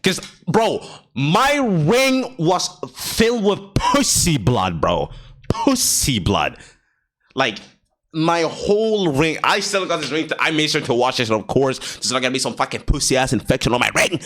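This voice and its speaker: A man's voice: on the high side, very animated, unhurried, a bit bright. A young man vlogging a casual storytime, slangy and profane, laughing often and sometimes dropping to a near-whisper.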